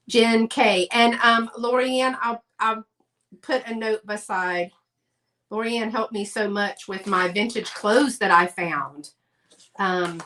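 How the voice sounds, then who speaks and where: A woman's voice: on the high side, sharp tone. A woman hosting a casual live-stream sale, chatty and gushing over her items.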